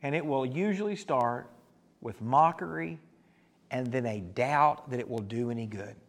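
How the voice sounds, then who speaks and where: A man's voice: mid-range voice, normal speed. A male pastor preaching a sermon, telling stories with emphasis and putting questions to the congregation.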